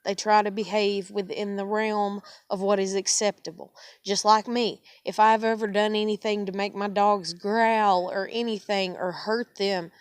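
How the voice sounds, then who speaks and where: A woman's voice: mid-range voice, level tone, measured pace, few pauses, smooth, dry recording, clean studio sound. A woman venting at length in a casual video monologue, angry and swearing freely. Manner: angry, profane ranting. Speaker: vlogger. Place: living room at home.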